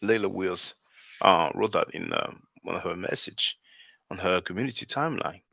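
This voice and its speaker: This man's voice sits low, with vocal fry and a sharp tone, moving at a moderate pace. Hosting his channel, he offers relaxed commentary, calls viewers brothers and sisters and says "man" a lot, in dull lo-fi audio that's completely dry.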